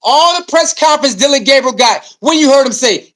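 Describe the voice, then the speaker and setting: A man giving an animated sports commentary rant, repeating himself for emphasis, asking rhetorical questions and speaking straight to his audience. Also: extremely high pitch, a little fast.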